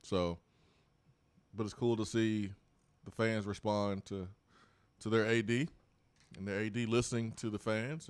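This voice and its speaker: A man's voice: on the low side, no room sound. A man hosting a live sports talk show, casual and opinionated, talking into a studio mic.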